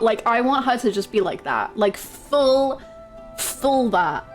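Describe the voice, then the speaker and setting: A woman's voice: a little high, lively intonation, measured pace, faint music behind. A woman streamer chatting casually as she reacts to a game, playful and giggly.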